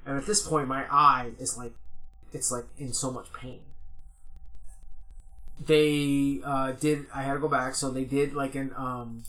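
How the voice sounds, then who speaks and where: A man's voice: medium pitch, fairly bright tone. A young man who is a podcast guest, chatting casually and rambling with lots of "like" and restarts. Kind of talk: casual chat.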